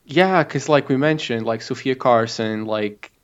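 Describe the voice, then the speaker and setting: A man's voice: medium pitch, a little slow, clean tone. Young man co-host, slightly muffled. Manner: relaxed, critical, lots of "like" fillers. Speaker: podcast co-host. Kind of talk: casual chat. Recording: slightly dull, lo-fi sound.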